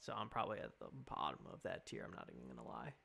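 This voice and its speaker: A man's voice: deep voice, very animated, rapid-fire, gravelly, pushed and bright, slight background noise. A young man chatting on a live stream, rambling casually and reading out comments from chat.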